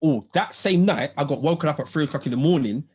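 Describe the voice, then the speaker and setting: A man, telling a story in casual chat, animated and slangy, acting out what people said. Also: a little high, quick pace, husky. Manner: animated, slangy, acts out quotes in lively voices. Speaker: podcast host.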